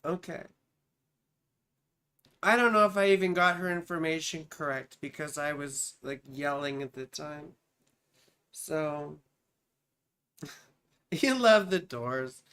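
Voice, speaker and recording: A woman reads a viewer's chart on a live stream at an unhurried pace, and her tone is bright and a little tense. She wanders off into asides and apologies. She keeps calling the listener sweetheart and baby. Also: sits low, smooth. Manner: rambling, drifts into asides and apologies. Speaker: astrologer.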